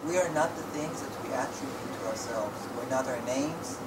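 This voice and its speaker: A man's voice: mid-range voice, normal speed. Audience man asking a careful question. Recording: noisy audience recording.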